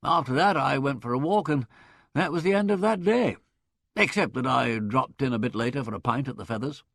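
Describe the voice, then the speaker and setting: A man voicing a brash, hearty young Englishman in an audiobook, chatty and blustering, with loud laughs. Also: medium pitch, brisk, gravelly, no room sound, studio quality. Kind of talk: audiobook character voice.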